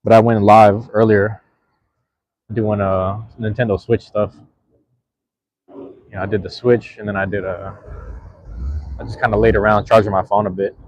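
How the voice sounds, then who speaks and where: A young man hosting a live stream, chatting with viewers in a relaxed, slangy, rambling way. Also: on the low side, moderate pace, pauses often, lo-fi sound, slight background noise. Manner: laid-back, slangy, rambling. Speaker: livestream host. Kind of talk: casual live chat with viewers.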